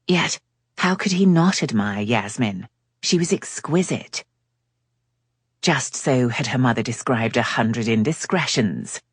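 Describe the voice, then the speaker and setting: A woman narrating a romance novel in measured storytelling, recorded on a close studio mic. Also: rumbling low, expressive, husky, no echo. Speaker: audiobook narrator. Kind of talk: scripted narration.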